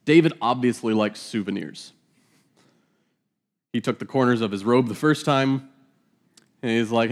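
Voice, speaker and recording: A man's voice: mid-range voice, measured pace, long pauses. A man reading scripture aloud and teaching it verse by verse, in a casual, joking manner with laughing asides. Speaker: Bible teacher.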